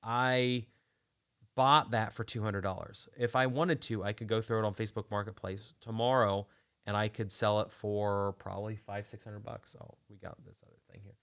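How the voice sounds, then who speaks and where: A man's voice: on the low side, fairly even intonation, normal speed, fairly bright tone, smooth. A man hosting a casual livestream, talking in a rambling, enthusiastic way with many restarts. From United States. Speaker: channel host.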